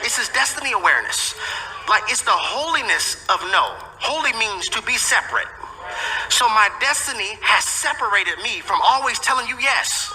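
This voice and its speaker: A man's voice: high voice, animated, normal speed, pushed and bright, slight background noise. A man preaching a sermon as a pastor, emphatic and repeating his key phrases for effect. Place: church sanctuary. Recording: echoey sanctuary with long reverb.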